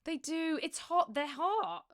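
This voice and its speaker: British woman, mid-pitched voice, dry sound, excitable profane chat. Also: slow, no echo. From England. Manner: enthusiastic, laughing, heavy swearing. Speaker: podcast co-host. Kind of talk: casual chat.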